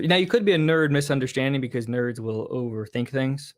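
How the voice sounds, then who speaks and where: A man talking casually on an online show, deadpan and blunt, repeating his points flatly. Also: mid-range voice, moderate pace, few pauses. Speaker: show guest explaining a theory.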